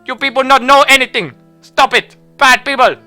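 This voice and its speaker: A man voicing an angry elderly noble father who shouts in broken English. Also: extremely high pitch, moderate pace, faint music behind, pitched above the performer's own voice. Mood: furious.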